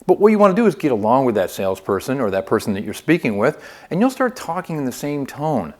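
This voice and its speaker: Guy running a phone sales training, super animated pitch, keeps asking okay?. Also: fast. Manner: upbeat coaching, lively inflection, frequent "okay?" check-ins. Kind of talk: training video lesson.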